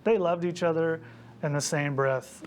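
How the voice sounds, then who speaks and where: A man's voice: on the high side, steady tone, measured pace, faint music behind. Blunt, emphatic man interviewee. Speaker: victim's brother.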